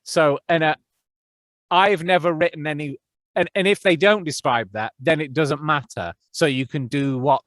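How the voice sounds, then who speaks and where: A man's voice: on the high side, normal speed, fairly bright tone, no room sound. A young man who narrates audiobooks, talking casually as a podcast guest and thinking aloud with frequent restarts. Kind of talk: casual interview chat.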